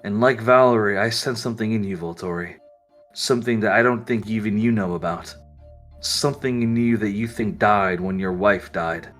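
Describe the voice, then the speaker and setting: A man voicing a calm, knowing angelic young man who speaks softly and confidently. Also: on the low side, moderate pace, soft background music, lightly acted.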